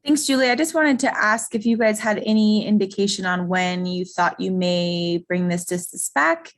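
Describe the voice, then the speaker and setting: A woman's voice: mid-range voice, moderate pace. A woman on a video call, casually asking questions about next steps. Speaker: task force member. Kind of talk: meeting discussion.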